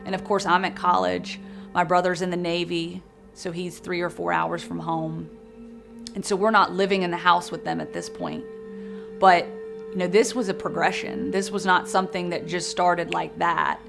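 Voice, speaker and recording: A woman's voice: on the low side, moderate pace, creaky, over music. A woman in her thirties, an interviewee in a family documentary, vividly recounting a tragedy in the present tense. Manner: vivid storytelling, reliving the moment in present tense. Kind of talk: emotional first-person recounting.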